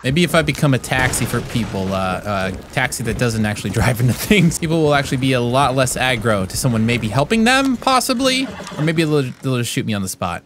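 A man giving comedic gameplay commentary as a YouTuber, goofing around and yelling playful threats at other players. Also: mid-range voice, big pitch swings, a little fast, hardly any pauses, noisy background. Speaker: gaming YouTuber.

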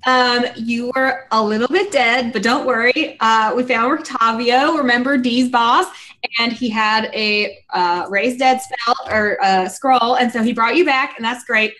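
Woman player chatting away, upbeat, slightly high voice. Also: unhurried, fairly bright tone. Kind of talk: casual tabletop-game play.

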